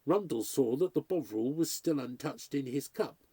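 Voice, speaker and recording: A man reading a ghost story aloud as an audiobook narrator, with expressive storytelling. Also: mid-range voice, moderate pace, husky, no room sound. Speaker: audiobook reader. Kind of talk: scripted narration.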